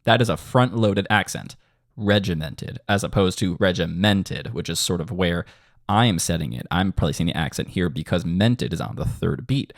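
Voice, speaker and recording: A man's voice: deep voice, animated, normal speed, no echo, clean studio sound. A man teaching songwriting in an online tutorial, enthusiastic and sounding out syllables to show word stress. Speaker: music composition teacher. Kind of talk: screen-share music tutorial.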